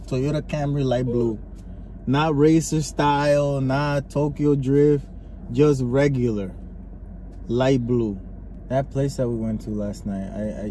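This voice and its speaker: A man co-hosting a casual podcast from inside a car, ranting with lots of swearing and animated storytelling. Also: medium pitch. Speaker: podcast co-host. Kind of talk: casual chat. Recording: faint car noise behind.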